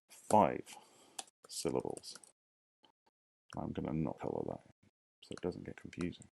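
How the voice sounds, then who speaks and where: Deep, gravelly-voiced male primary teacher. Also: dark tone, no room sound. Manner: slow, questioning, counts syllables aloud for children. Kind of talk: recorded online lesson for young children.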